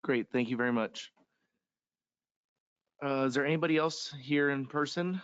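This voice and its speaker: A man's voice: medium pitch, moderate pace, fairly bright tone, clear, resonant tone. A man chairing a public meeting, brief and polite as he calls up speakers. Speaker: commission chairman. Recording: dull lo-fi meeting audio.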